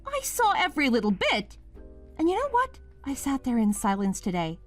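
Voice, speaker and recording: Woman voicing a bitter wife calling out her husband, high swoopy voice, quiet music behind. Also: wildly swooping pitch, normal speed, exaggerated voice. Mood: accusing. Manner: pleading, then accusing and sharp. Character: wife Mia, wounded then furious. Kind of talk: scripted drama voice acting.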